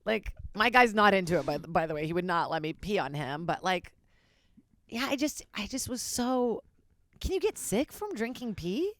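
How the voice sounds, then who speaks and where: A woman's voice: medium pitch, sing-song, normal speed, fairly bright tone, no room sound. A woman comedian chatting as a podcast guest, candid and rambling, joking frankly. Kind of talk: casual podcast chat.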